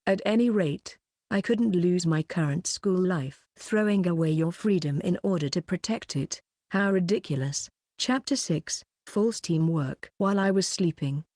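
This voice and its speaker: A woman narrating a novel in first person as an audiobook reader, measured and even, recorded close to the mic. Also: lowish voice, no room sound.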